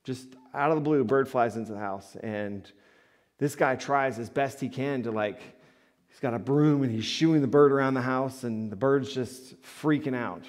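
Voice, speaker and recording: Animated male preacher telling stories. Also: mid-range voice, normal speed. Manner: animated, swinging between soft asides and loud peaks. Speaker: pastor. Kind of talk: sermon with storytelling.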